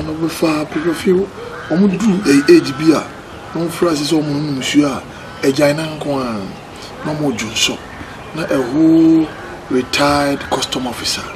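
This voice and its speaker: A man's voice: fairly high pitch, background noise, close to an everyday voice. A man playing an indignant retired customs officer. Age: older. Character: aging retired customs officer, proud and wounded.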